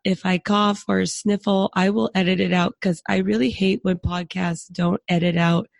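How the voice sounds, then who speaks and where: A woman's voice: mid-range voice, level tone, normal speed, creaky, no room sound. A woman podcast co-host chatting casually and self-deprecatingly while sick with a cold. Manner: chatty, self-deprecating, laughs through her words. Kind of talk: casual chat.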